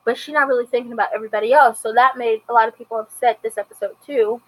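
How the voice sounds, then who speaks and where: A woman's voice: a little high, fairly even intonation, very fast, low-quality recording. A woman reviewing a TV episode in casual commentary, retelling it chattily and acting out the characters' lines. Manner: chatty retelling with acted-out quotes.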